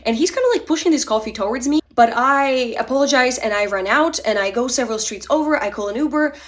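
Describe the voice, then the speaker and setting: A woman's voice: fairly high pitch, fast talker. A young woman telling a personal story in a casual, candid, confessional way, with lots of filler words. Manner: candid, confessional, chatty with many "like"s.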